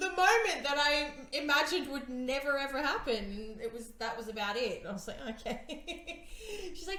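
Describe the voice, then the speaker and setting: A young woman co-hosting a podcast in casual chat, quick to laugh and react. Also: high-pitched, animated, pushed and bright, echoey room. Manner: laughs often, reactive listener. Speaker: podcast co-host.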